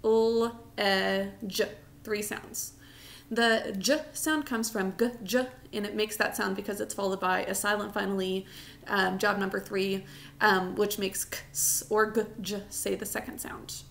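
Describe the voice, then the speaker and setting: A woman teaching a recorded spelling lesson, sounding out words slowly, syllable by syllable, for students at home. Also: medium pitch, fairly even intonation, gravelly, a bit bright.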